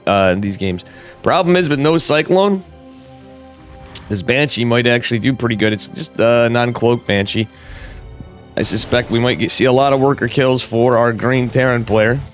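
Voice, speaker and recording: A man's voice: mid-range voice, a bit bright. Chatty man casting a live game. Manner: casual, chatty, talks to viewers, jokey asides. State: has a cold. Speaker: esports caster. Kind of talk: solo live game commentary.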